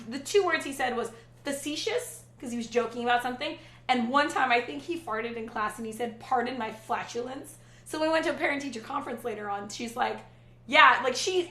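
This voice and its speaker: A middle-aged woman hosts a casual livestream and rambles through viewer comments with easy asides. Her voice is bright and sits a bit high for a woman, and the room around her has a noticeable echo. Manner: chatty and rambling, with frequent restarts and asides. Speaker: livestream host.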